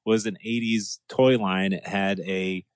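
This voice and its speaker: Animated man from New England. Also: low voice, no room sound. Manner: animated, laughing, does quick impressions. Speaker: podcast co-host. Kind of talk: casual chat.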